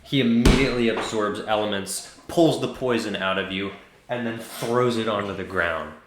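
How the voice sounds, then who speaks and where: A man's voice: fairly low pitch, moderate pace. A man running a tabletop game as game master, narrating casually with fillers and asides. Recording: echoey room with faint noise.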